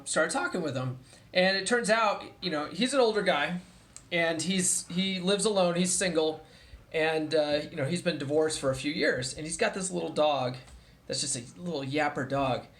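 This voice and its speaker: A man's voice: on the high side, a bit bright. A young man telling a story in a casual vlog, chatty and profane, with lots of fillers. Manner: mimics others in a raised voice when quoting them. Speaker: vlogger.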